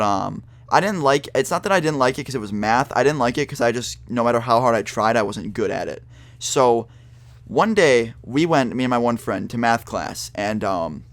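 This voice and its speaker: A young man at an ordinary middle pitch tells a storytime in a loose, rambling way. He swears freely and stumbles through ums and restarts. The sound is close and dry, with no room around it. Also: no room sound. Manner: rambling, profane, with many fillers and restarts. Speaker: vlogger. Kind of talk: casual storytime monologue.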